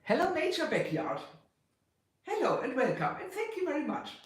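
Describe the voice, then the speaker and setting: A middle-aged livestream host from West Germany, whose German accent carries an Austrian tinge, chats casually with viewers and greets them in several languages, halting and full of fillers. The voice sits high with a wildly swooping pitch, in a very echoey room.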